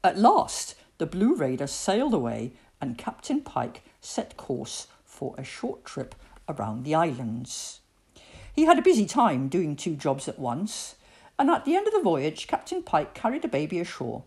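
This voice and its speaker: A woman reading a children's storybook aloud in an expressive storytelling voice. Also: sits low. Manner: expressive, slow, lively storytelling.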